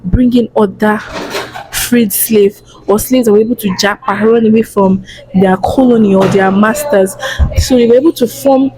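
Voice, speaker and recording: A young Nigerian woman vlogger with a Nigerian accent, explaining in a hushed, lowered voice with chatty restarts and asides. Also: steady tone, moderate pace, noisy background. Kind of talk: casual explainer vlog.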